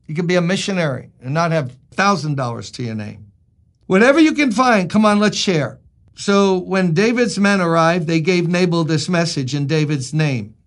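A man's voice: fairly high pitch, normal speed. A man preaching a sermon as a pastor, telling the story in a conversational, joking way.

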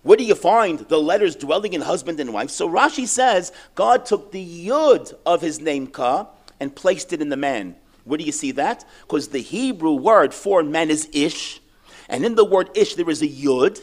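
A man teaching a Torah class, lively, asking questions and answering them himself. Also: on the high side, moderate pace. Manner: animated, asks and answers his own questions.

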